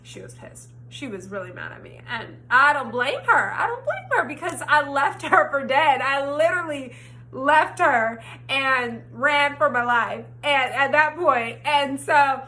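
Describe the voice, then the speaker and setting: A high, bright young woman recounts a story in casual, animated storytime style. She swears freely and acts out her own past lines, close to the mic. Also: a little slow. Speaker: storytime vlogger.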